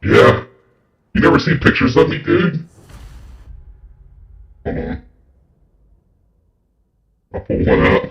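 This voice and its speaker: A man's voice: mid-range voice, very animated, slow pace, vocal fry, pauses often, a bit bright. A man streaming a video game, chatting casually with viewers and swearing freely. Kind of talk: casual gaming stream chat. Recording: dull lo-fi mic with faint game music.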